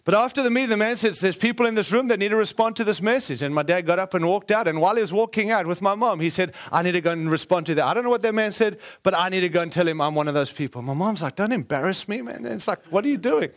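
A man's voice: sits high, very fast, hardly any pauses. A man preaching a sermon, telling a family story with acted quotes, frequent asides and self-corrections.

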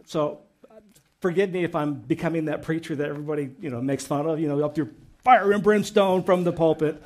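A man preaching a sermon, earnest and growing excited and emphatic as he teaches. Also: on the high side, fairly quick. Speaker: pastor.

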